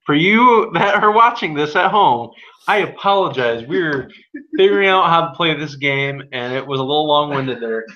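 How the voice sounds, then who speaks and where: A man's voice: on the high side, normal speed, bright, forceful tone. A man running a tabletop game as dungeon master, loose and joking, recorded in a room with friends. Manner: loose, joking, self-deprecating. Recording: echoey, dull home recording.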